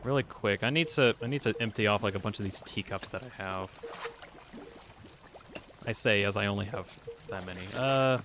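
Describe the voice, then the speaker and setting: A man's voice: lowish voice, normal speed, fairly bright tone, a little hiss or hum. A man streaming a video game, chatting casually and rambling as he reacts to his chat. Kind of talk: casual gameplay commentary.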